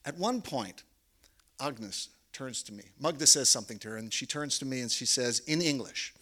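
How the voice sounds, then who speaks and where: Man, bright and forceful tone, mid-range pitch, first-person storytelling, dry understated humor. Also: expressive, moderate pace. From Canada.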